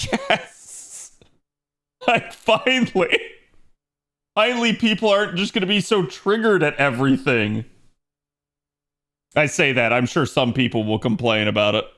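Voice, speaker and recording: With a mid-range, fairly bright voice at normal speed, a man plays a game live and talks casually to his viewers. Laughter comes often as he chats with them mid-play.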